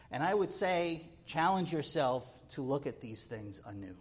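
A man preaching a sermon in a halting, thinking-aloud way, often repeating words as he goes. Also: fairly high pitch, very animated.

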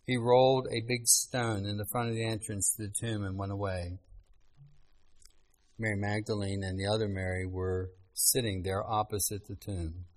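A man delivers a sermon, reading scripture aloud with earnest, measured phrasing. His voice sits on the low side. He pauses to let the passages land. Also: level tone, rough recording. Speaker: preacher.

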